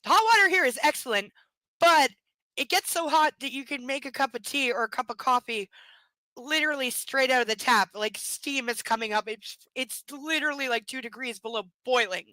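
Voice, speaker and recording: A woman reading a book aloud live from home at night and breaking off into animated, exclaiming commentary with casual swearing. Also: sits high, brisk, no room sound.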